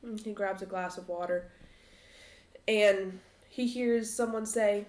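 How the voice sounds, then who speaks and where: A woman narrating a tabletop game as game master, halting with many fillers. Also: medium pitch, steady tone. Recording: roomy echo.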